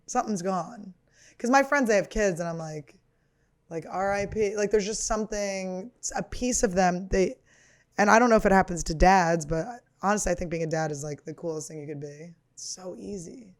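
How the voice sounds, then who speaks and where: A woman's voice: medium pitch, normal speed. A woman in her thirties hosting a podcast, riffing through a casual comedic monologue in a crude, rambling, profane and self-mocking way. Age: 30s.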